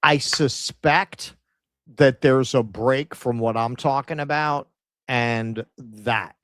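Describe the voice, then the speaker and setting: Mid-pitched New co-host, wry and chatty, dry sound. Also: male voice, takes it slowly, a bit bright, no room sound. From New York. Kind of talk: casual livestream chat.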